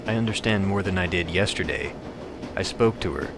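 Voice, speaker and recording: A man's voice: sits low, a little fast, noisy background. A man reading as a blunt mercenary. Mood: curt. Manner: curt, plain replies.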